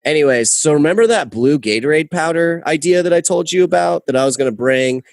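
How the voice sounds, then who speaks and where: A young man, a podcast guest, telling a rambling story with animated, casual swearing. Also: fairly high pitch, brisk, creaky, no room sound. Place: podcast studio. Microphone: close podcast mic.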